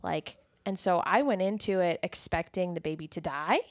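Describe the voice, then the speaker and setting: A woman's voice: on the low side, moderate pace, no echo, studio quality. A woman co-hosting a podcast, chatting casually and telling stories with acted-out quotes. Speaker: podcast co-host. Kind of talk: casual chat.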